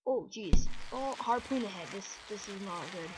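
A woman giving let's play commentary on a game, muttering to herself and breaking into excited yelps and exclamations. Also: mid-range voice, moderate pace, background noise. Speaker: gamer.

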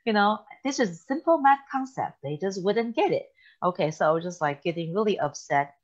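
A woman's voice: mid-range voice, lively intonation, brisk, lo-fi sound. A woman co-hosting a church talk show, telling stories with laughter and acted quotes. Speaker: podcast co-host. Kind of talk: casual chat.

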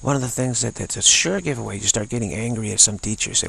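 A man giving an unscripted spiritual talk, halting and repeating words between pauses. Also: lowish voice, bright, forceful tone. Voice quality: gravelly, husky. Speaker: spiritual teacher.

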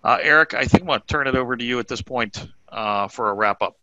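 A man's voice: medium pitch, quick pace, noisy background. A man moderating a webinar, asking audience questions and making polite announcements with many hesitations. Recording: dry dull video call audio.

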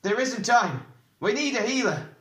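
A guy doing a young rider pleading, high and urgent, bright voice, echoey room. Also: animated, measured pace, heavily acted. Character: young male dragon rider, urgent and defiant.

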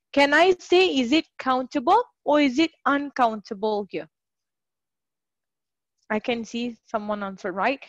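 A woman teaches a live online English class, cheering her students on and greeting each one by name. Her voice sits high and her pace is unhurried. The sound is dry and close, with no room echo.

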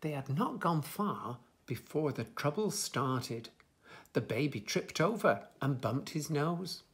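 A man reading a children's picture book aloud as storyteller, gentle and expressive. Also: fairly high pitch, takes it slowly.

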